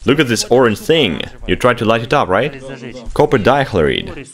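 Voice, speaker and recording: A man narrates his exploration of an abandoned underground lab in an excited, exclamatory rush, often barking at others to hurry. His pitch swings widely, and he sits at a mid pitch for a man. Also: moderate pace. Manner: exclamatory, urgent, bossy when hurrying others. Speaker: vlog host exploring. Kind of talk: excited running commentary while exploring. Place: abandoned underground laboratory, indoors.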